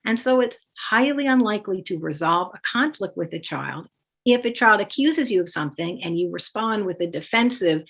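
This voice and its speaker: A woman coaching parents in a calm, explanatory way, acting out sample phrases to say to a child. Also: lowish voice, brisk. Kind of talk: instructional talk with demonstrations.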